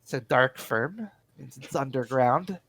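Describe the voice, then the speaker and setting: A captured male crook in a tabletop game, cagey and evasive, voiced by a man running the game. He hesitates and restarts his sentences while talking slowly and deliberately. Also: mid-range voice, lively intonation, noisy background.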